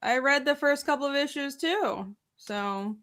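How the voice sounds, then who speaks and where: A woman's voice: sits high, measured pace, fairly bright tone. A woman joining a casual podcast chat over a video call, playful and quippy.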